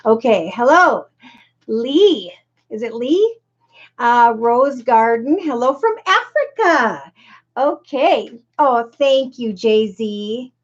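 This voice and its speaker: A woman's voice: fairly high pitch, animated, takes it slowly, highs cut off. A middle-aged woman hosting a casual live-stream tarot reading. She chats, greets viewers by name and rambles from point to point.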